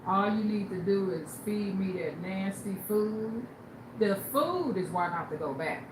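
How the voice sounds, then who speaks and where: Casually storytelling on her livestream, a blunt, animated woman slips into voices for the people she quotes. Her mid-range voice is a little slow, and steady background noise runs through the echoey room.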